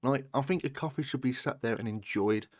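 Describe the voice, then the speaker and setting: Swearing British streamer bantering. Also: male voice, medium pitch, fairly quick. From Britain. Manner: swearing, laughing banter with chat. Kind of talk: casual livestream chat.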